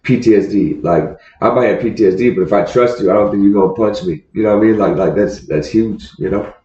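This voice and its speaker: Deep, mellow-voiced podcast host. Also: male voice, fast talker. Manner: emphatic, repeats words while pressing a point. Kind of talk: casual interview chat. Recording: dull, roomy podcast recording.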